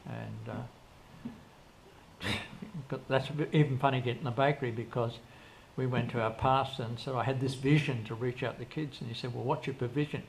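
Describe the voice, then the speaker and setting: An older interview guest spins long, rambling stories, restarting often and quoting dialogue in casual conversation. He speaks a little fast in a creaky, mid-range voice with a steady tone, and faint background noise is audible.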